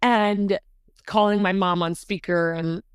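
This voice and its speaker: Animated middle-aged woman telling a story. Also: unhurried, clear, resonant tone, dry recording, clean studio sound. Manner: animated, says "like" often, jumps to high pitch acting out quotes. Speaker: podcast guest. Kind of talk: casual storytelling interview.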